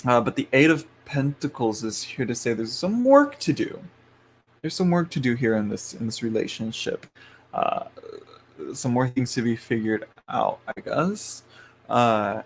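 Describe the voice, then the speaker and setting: A man's voice: medium pitch, lively intonation, a little slow, a little hiss or hum. A man hosting a live tarot reading stream, rambling along with lots of fillers and restarts and frequent chuckles.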